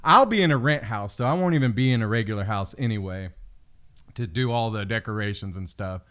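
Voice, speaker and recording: A man hosting a podcast, chatting casually over a video call, rambling and trailing off softly. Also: lowish voice, expressive, brisk. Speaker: podcast host. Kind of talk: casual chat.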